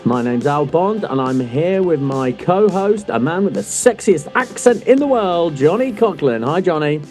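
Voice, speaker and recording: A man's voice: on the high side, sing-song, moderate pace, darkish tone, faint music behind. A man co-hosting a casual chat podcast, jokey and teasing, laughing often. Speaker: podcast co-host.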